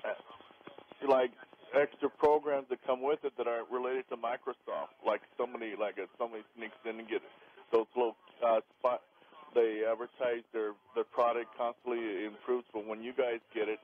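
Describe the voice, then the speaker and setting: A man's voice: medium pitch, flat delivery, normal speed. A man calling into a radio show, talking hesitantly and searching for words. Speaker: caller. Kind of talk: phone call into radio show. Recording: tinny phone line.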